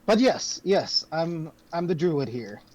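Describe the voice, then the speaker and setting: A busy female druid who keeps getting interrupted, as a man acts her out, answers in a curt, distracted ramble. The voice sits slightly high for a man. It belongs to a tabletop role-playing session. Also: sing-song, slow, a little mellow, highs cut off, full character voice. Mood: exasperated.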